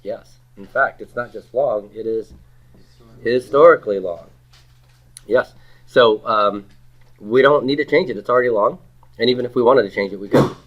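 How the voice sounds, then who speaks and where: A man's voice: mid-range voice, normal speed, pauses often. A man in the middle of his vocal range lectures a classroom, quizzing students and echoing back what they answer. He leads the group through repeated drills. The recording sounds a little dull and lo-fi. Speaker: Hebrew grammar teacher.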